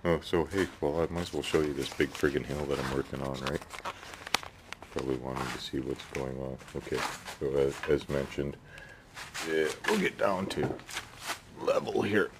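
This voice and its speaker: A man's voice: rumbling low, little pitch movement, normal speed, background noise. A man rambling casually about his neighbors and his hobby build in his workshop, tagging sentences with "eh". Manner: rambling, chatty, tags sentences with "eh". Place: home workshop shed.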